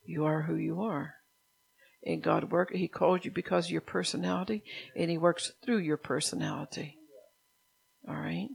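An older woman pastor preaching a sermon in a soft, unhurried way, stopping now and then to correct herself. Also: lowish voice, steady tone, vocal fry, breathy edge.

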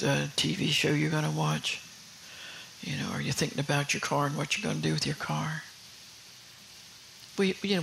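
Fervent male preacher, gravelly and bright. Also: on the high side, a little hiss or hum, poor audio. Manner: fervent, rhetorical questions to the congregation. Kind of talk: sermon.

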